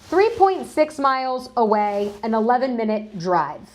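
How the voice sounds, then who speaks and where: A woman's voice: a little high, very animated, a little slow. A woman hosting a live news stream, chatting casually and greeting viewers in chat as she talks through documents. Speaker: livestream news host.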